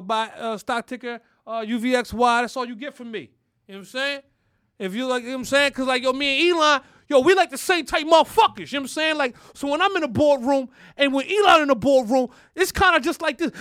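A man's voice: sits high, fairly bright tone, clean tone, no echo, clean studio sound. Brash, profane man ranting on a podcast. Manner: brash, profane, keeps asking "you know what I'm saying". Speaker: podcast host. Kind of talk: profane casual rant.

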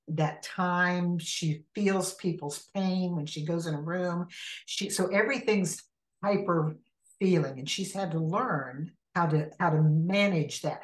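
A woman who leads an inner healing ministry, telling a story as a guest and acting out the people in it. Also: low voice. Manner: animated storyteller who acts out the people in her stories. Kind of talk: storytelling in a conversational interview. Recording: roomy echo.

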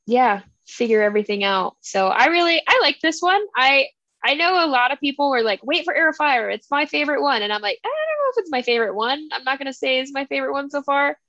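A young woman co-hosting a book podcast, chatting casually and quoting characters with animated voices. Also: high voice, a little fast, no room sound. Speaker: podcast co-host. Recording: dull, dry, lo-fi sound.

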